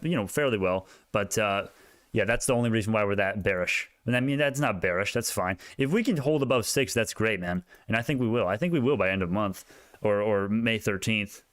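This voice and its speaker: Excitable young man rambling about stocks. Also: fairly low pitch, clear, resonant tone, no echo, clean studio sound. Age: young adult. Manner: rambling, excitable, drifts onto tangents. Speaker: stock market YouTuber. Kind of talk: casual stock chart commentary.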